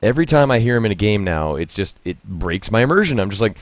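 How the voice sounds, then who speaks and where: A man chatting casually as he plays a game, laughing often and reacting out loud to the action. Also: on the low side, sing-song, fast, no room sound. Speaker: streamer and host. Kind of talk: casual gameplay commentary.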